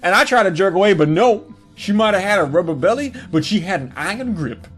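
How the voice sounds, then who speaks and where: A man's voice: high-pitched, expressive, fairly quick, a bit bright, soft background music. A man telling a crude comedic story from his childhood, with a mocking, punchline-driven delivery.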